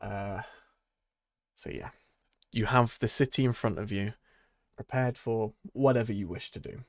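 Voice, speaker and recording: A man narrating as game master of a tabletop role-play, talking slowly with many fillers and pauses. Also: lowish voice, steady tone, no room sound, studio quality.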